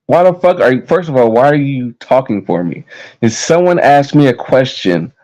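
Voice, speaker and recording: A man's voice: medium pitch, lively intonation, normal speed, darkish tone, poor audio. A young American man ranting to camera in a heated, profane, repetitive way. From United States. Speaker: vlogger. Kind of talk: casual rant to camera.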